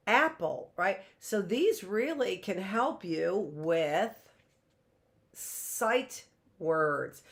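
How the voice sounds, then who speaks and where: A middle-aged woman teaching an early reading lesson, chatty and direct, sounding out words slowly. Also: medium pitch, expressive. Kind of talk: online classroom lesson.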